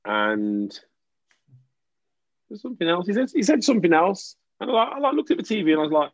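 A man's voice: high voice, a little fast, pauses often, dry recording. A man in casual chat, talking animatedly with lots of restarts and jokes. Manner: animated, restarts often, jokey. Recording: dull lo-fi dry sound.

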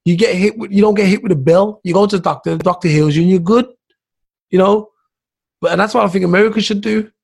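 A man's voice: high voice, fast talker, vocal fry, a little mellow, slightly rough. A young man hosting a casual podcast chat, opinionated and full of "dude" and "man". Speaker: podcast host.

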